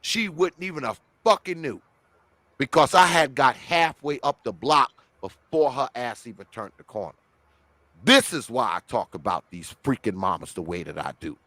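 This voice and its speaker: Profane, animated man telling a story. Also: mid-range voice, moderate pace, dry recording. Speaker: guest. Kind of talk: casual podcast storytelling.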